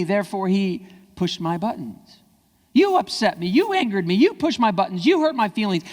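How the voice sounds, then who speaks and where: A man's voice: high voice, moderate pace. A man giving a keynote speech to parents and teachers. He talks emphatically and acts out bits of dialogue. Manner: animated, emphatic, acting out dialogue. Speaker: keynote speaker. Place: large event hall. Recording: long hall reverb.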